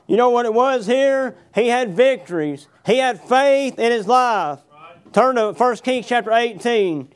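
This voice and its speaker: A preacher delivers a sermon, reading Bible verses aloud and then unpacking them for his congregation. His voice sits unusually high for a man and stays smooth and resonant. He keeps asking his listeners questions like "you know what happened?". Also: animated, measured pace. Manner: asks the congregation rhetorical questions; reads verses aloud, then paraphrases with fillers. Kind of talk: sermon reading and expounding scripture. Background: congregation answering amen.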